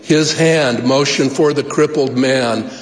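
Man, church leader, devotional address, deliberate reverent phrasing, roomy long hall reverb. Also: medium pitch. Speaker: church leader giving a talk.

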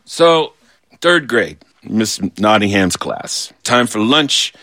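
A man telling a funny childhood story in an animated, playful way, acting out bits as he goes. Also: lowish voice, slow pace. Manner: animated, playful, with voiced asides. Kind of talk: humorous storytelling.

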